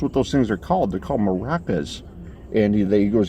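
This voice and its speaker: A man with a lowish voice rambles through a comic monologue, stacking fillers and restarts in a deadpan way. He records from inside a car, with faint road noise underneath. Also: a little fast. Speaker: comic character vlogger. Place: in a vehicle, driving.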